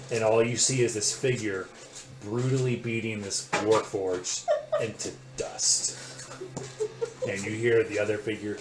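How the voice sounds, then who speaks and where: A man narrating a tabletop game as game master, describing scenes with suspense. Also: on the low side. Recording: echoey room with loud noise.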